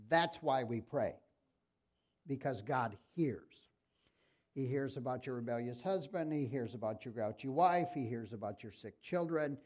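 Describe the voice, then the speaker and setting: A man's voice: mid-range voice, expressive, a little slow, a little mellow. A middle-aged man preaching a sermon in a conversational way, asking his congregation questions.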